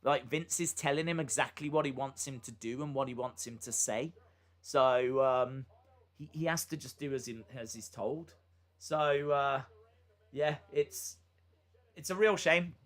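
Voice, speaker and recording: A man's voice: medium pitch, a little slow, a bit bright. A man hosting a live reaction stream, chatting casually and rambling with fillers and asides between moments of commentary.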